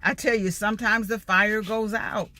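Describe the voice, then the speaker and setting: A woman's voice: medium pitch, fairly even intonation, normal speed, pushed and bright. A middle-aged woman, a life coach, giving an emphatic motivational talk in a repetitive preaching cadence. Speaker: life coach and empowerment speaker.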